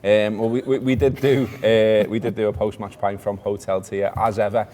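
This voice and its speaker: A man's voice: on the low side, level tone, moderate pace, mellow. A man with a Liverpool accent, co-hosting a podcast and talking through a football match in a chatty, laid-back way. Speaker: podcast co-host. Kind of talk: casual football chat.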